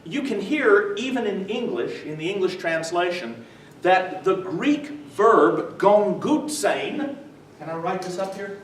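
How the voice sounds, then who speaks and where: A man with a high, expressive voice, visiting to teach the New Testament, lectures slowly to a church adult-education class in a meeting room with a live audience. He often stops to prompt listeners to finish a sentence or answer "what?", and chuckles while telling stories. He's captured from well across a roomy, echoing space, with a faint hiss underneath.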